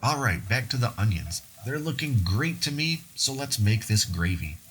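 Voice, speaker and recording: Man, cooking show host, recipe narration, upbeat, chatty, mid-pitched voice. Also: very animated, normal speed, a bit bright, slight background noise. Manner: upbeat and conversational.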